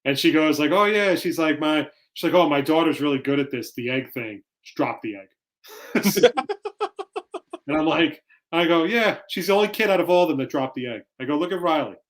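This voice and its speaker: A man, co-hosting a casual sports podcast and telling family stories with lively acted-out quotes. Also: a little high, brisk. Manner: animated storytelling, acts out quoted lines. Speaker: podcast co-host. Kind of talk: casual chat.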